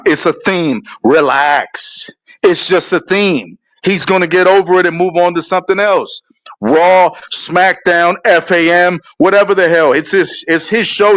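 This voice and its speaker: Male stream host, higher voice, profane heated rant. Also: fairly bright tone. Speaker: show host. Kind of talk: ranting live stream talk.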